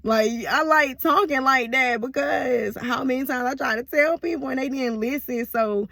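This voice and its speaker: A woman's voice: high-pitched, moderate pace, creaky, hardly any pauses, fairly bright tone, no echo. A woman talking to camera in a rambling, casual monologue, swearing freely and laughing often. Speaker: vlogger.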